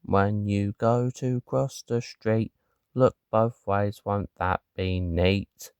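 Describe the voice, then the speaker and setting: A man's voice: mid-range voice, fairly even intonation, moderate pace, gravelly, dark tone, no room sound, pitched above the performer's own voice, close to an everyday voice. A man voicing a cheerful costumed dinosaur who hosts a kids' show in a comic. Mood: cheery.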